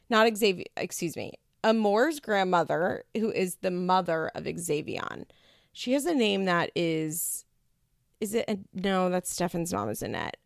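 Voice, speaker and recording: Chatty young woman host, gravelly fry, dry close recording, laughs often. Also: lowish voice, dry recording. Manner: chatty, laughing, animated quoting of others. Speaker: podcast host recapping a reality show. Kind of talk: casual chat.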